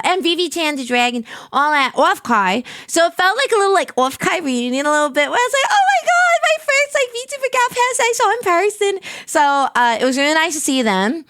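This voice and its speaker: Female streamer, bright high register, rambling and excitable, close dry sound. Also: smooth, no echo. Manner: excitable and rambling, heavy on filler words. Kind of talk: casual stream chat.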